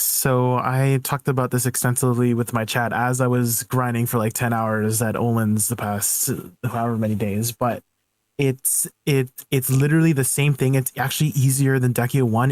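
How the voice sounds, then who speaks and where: A man's voice: mid-range voice, no room sound. A man co-hosting a gaming podcast, giving long rambling explanations in casual chat. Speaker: podcast co-host.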